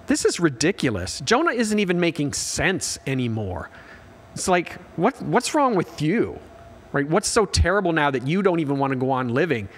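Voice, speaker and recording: Earnest preaching man, slightly high voice. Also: a bit bright. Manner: earnest and direct, often addressing listeners as "guys". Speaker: pastor. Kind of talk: midweek sermon.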